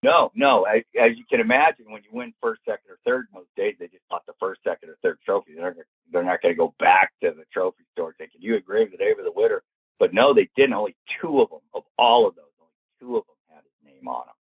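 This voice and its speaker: A man's voice: on the low side, quick pace, slightly rough, dry recording. Older man telling stories over a tinny line. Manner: lively, acts out quoted lines in the story. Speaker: golf professional guest. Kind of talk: storytelling anecdote in an interview. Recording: tinny dry phone-like line.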